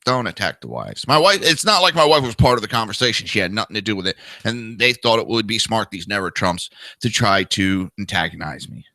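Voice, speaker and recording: A man's voice: lowish voice, animated, brisk, hardly any pauses, pushed and bright, no room sound. A man with a New Jersey accent, hosting a political talk show and ranting in a blunt, crude, combative monologue. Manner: blunt, crude and combative, mocking with whiny impressions. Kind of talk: opinionated monologue.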